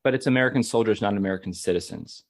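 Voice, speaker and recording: A man's voice: fairly low pitch, racing. Frustrated, emphatic man co-hosting a podcast. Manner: frustrated, emphatic, repeats words. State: emotional. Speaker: podcast co-host. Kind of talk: heated political discussion.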